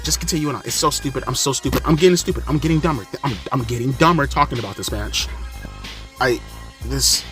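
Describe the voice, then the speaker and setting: A young man hosting a wrestling commentary video, ranting with heavy profanity, his voice rising loud and then dropping low and subdued.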